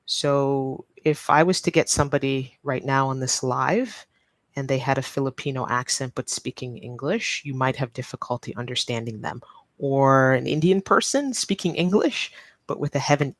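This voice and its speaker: A woman's voice: extremely low pitch, dry recording. Woman, English teacher, live-stream lesson, patient, repeats points, dry close mic. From New York, United States.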